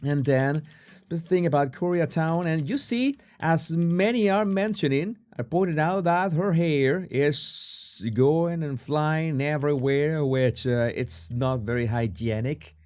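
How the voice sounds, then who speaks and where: Halting, sarcastic male commentator. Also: a little high, a little mellow, clear, resonant tone. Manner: halting and sarcastic, full of restarts. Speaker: body language commentator. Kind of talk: casual video commentary.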